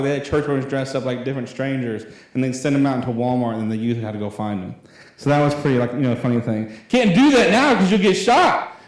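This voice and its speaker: A young youth pastor in his late twenties, preaching a sermon in a loose, conversational way with lots of fillers. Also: on the high side. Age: 20s. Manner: rambling and conversational, full of fillers. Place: church hall. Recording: very echoey church room.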